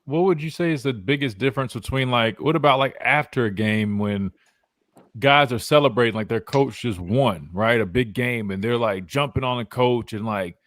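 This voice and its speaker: A man's voice: mid-range voice, normal speed, fairly bright tone, dry recording. A man hosting a sports talk show, loose and conversational with lots of slang. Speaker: show host, former linebacker.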